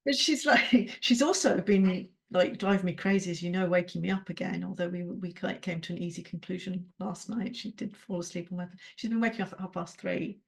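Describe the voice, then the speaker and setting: A woman's voice: on the low side, a little fast, vocal fry, few pauses. A woman on a podcast, talking candidly and emotionally, swearing freely and laughing often. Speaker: podcast co-host, coaching client. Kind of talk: candid conversational podcast chat.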